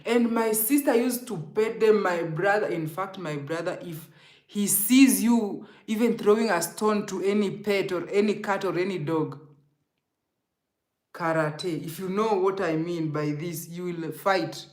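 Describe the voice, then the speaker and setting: A woman's voice: on the low side, measured pace, a little mellow, echoey room. A Kenyan woman telling an emotional, rambling storytime to her viewers, often calling them guys. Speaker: vlogger. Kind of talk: storytime vlog.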